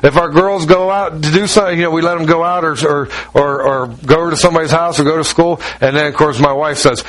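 A middle-aged man preaching a sermon in a fairly high-pitched voice. He drives his points home through repetition and acts out the lines he quotes, shifting between reading and conversational preaching. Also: fairly even intonation, a little fast, hardly any pauses, a bit bright, low-quality recording. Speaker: pastor.

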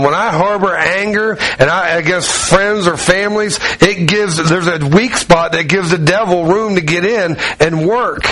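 A middle-aged pastor preaching a sermon in a conversational style, using anecdotes, repetition and direct questions to the congregation. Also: male voice, sits high, fairly bright tone, poor audio.

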